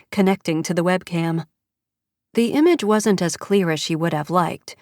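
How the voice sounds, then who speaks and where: A woman narrates an audiobook in a measured, even storytelling manner. Her voice sits on the low side. The recording is close and dry. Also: no echo. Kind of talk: scripted narration.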